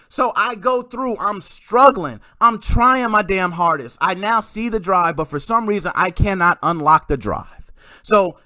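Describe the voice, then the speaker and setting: Excitable high-voiced man telling a story. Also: no echo, studio quality. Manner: excitable, animated retelling with mild swearing. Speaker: podcast host. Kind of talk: casual storytelling podcast.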